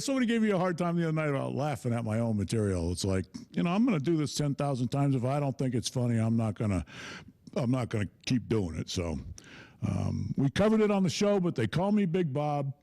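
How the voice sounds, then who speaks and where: A middle-aged man performing a stand-up comedy set, telling stories in an animated way and laughing at his own jokes. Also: medium pitch, fairly quick, vocal fry.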